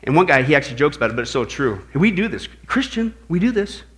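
Male preacher, high and animated; exclaims, quizzes the congregation. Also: quick pace. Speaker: pastor. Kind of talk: sermon.

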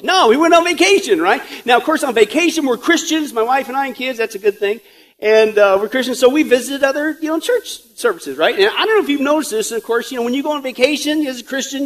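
A man's voice: very high-pitched, a bit bright. A man preaching a sermon as pastor, joking and conversational with rhetorical asides, and growing emphatic and urgent.

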